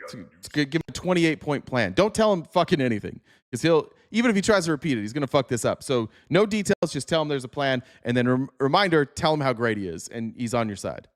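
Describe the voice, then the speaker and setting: A man hosting a political podcast, ranting sarcastically and swearing, reading out chat comments between points. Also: mid-range voice. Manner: animated, profane, sarcastic ranting. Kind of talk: casual political talk.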